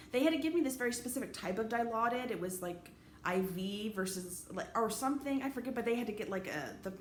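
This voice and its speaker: A woman of middle pitch tells her story in a loose, rambling vlog style, with lots of "like" and restarts. Her voice rings in an echoey room, and a faint hum sits under it. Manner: chatty, rambling, many fillers and restarts. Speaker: teacher. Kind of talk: casual storytelling.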